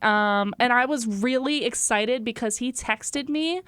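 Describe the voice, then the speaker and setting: This young female podcast co-host tells stories in a relaxed, chatty way, laughing often and leaning on plenty of fillers. She speaks a little slowly, with a fairly high, smooth, somewhat bright voice. The audio is dry.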